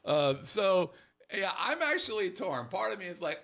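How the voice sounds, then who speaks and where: A man's voice: high voice, sing-song, moderate pace, vocal fry, fairly bright tone. A man hosting a casual talk show, swearing freely and acting out quotes in funny voices. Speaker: podcast host. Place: Las Vegas.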